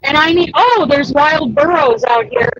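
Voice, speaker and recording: A woman hosting a casual livestream chat as a crochet pattern designer, chatty and excitable. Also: high voice, a little slow, muffled recording, a little hiss or hum. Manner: chatty and excitable, exclaims often.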